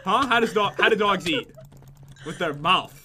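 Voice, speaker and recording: A young man with a bright, forward voice jokes and teases his co-player while gaming, counting off each kill. Keyboard clicks and a faint hiss sit under his voice. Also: high-pitched, expressive, normal speed. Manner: joking, teasing, counts kills aloud. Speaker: gaming channel host. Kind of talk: casual gameplay chat. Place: home, recorded on the Florida side of a game session. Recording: faint background noise, keyboard typing.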